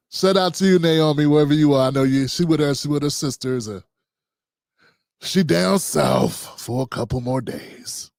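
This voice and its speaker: A man's voice: fairly high pitch, lively intonation, a little slow, gravelly, a little mellow, dry recording, clean studio sound. A man in his fifties hosting his own political talk show, talking loosely and joking with slang and rambling asides. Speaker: host.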